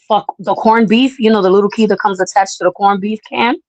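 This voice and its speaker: Woman host, loud and profane storyteller, mid pitch, dry close sound. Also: brisk, no echo, low-quality recording. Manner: brash, profane, animated storyteller. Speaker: podcast host. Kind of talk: casual storytelling chat.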